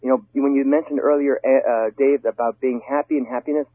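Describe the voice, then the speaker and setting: Husky man talking over a tinny phone line. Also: medium pitch, a little fast, no echo. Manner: animated, emphatic, repeats words for stress. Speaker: guest expert on web copywriting. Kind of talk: casual conversational advice on a call.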